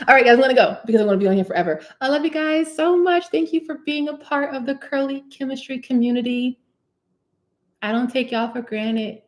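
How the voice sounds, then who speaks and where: A woman's voice: sits high, a little fast. Chatty woman hosting a livestream. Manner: chatty and warm with viewers, repeats phrases, laughs often. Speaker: cosmetic chemist hosting a live Q&A. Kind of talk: casual livestream chat reading comments.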